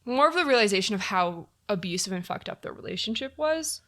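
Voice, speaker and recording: Young woman guest, bright tone, candid and casual, swears freely. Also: mid-range voice, animated, a little fast. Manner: candid, frequent fillers and swearing. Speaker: podcast guest. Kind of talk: casual personal storytelling.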